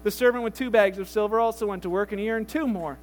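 A man's voice: high-pitched, fast talker, in a large hall, a little hiss or hum. A man pastor giving a conversational sermon, retelling a story with casual asides. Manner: animated storytelling, acts out voices, casual asides.

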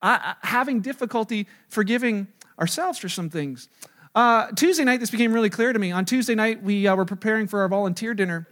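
A man's voice: high-pitched, a little fast, fairly bright tone. A middle-aged man, a pastor, preaching and telling a self-deprecating story with quoted dialogue. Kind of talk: sermon storytelling.

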